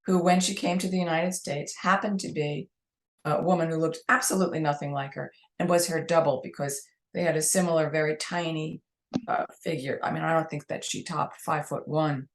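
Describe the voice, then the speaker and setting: A woman's voice: sits low, steady tone, a little fast. A woman with a New York accent, a guest telling long, rambling anecdotes in a casual interview.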